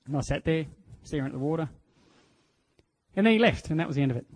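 A man's voice: fairly high pitch, expressive, fast, darkish tone, dry recording, rough recording. Earnest Australian man giving a testimony. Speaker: preacher sharing personal testimony. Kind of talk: personal testimony sermon.

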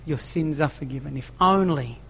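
A man's voice: fairly high pitch, moderate pace, pushed and bright, slight background noise. A man preaching a sermon to his congregation in a church hall, emphatic, repeating key phrases and asking rhetorical questions. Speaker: pastor. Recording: long echoing church reverb.

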